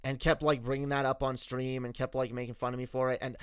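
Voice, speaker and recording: A male streamer telling a story in a candid, halting way, often restarting his sentences. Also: medium pitch, little pitch movement, smooth, dry recording, studio quality. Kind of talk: casual storytelling rant.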